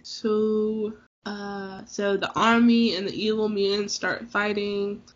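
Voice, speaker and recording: A woman's voice: mid-range voice, level tone, takes it slowly. A woman co-hosting a podcast, casually recapping a movie with slang and frequent laughter. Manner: laughs a lot, slangy retelling. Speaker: podcast co-host. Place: hot indoor room with fan. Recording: muffled lo-fi sound.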